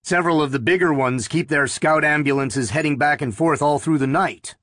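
A man's voice: fairly high pitch, normal speed, fairly bright tone, no echo, clean studio sound, close to an everyday voice. A man reading the lines of a tired, fed-up police officer on night duty in an audiobook. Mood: weary. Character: weary adult male police officer on night patrol.

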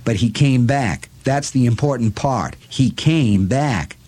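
A man's voice: mid-range voice, animated, slow pace, warm tone, slightly rough. A man narrator voicing a troubled young man who insists, earnestly, on defending his late brother in a storybook reading.

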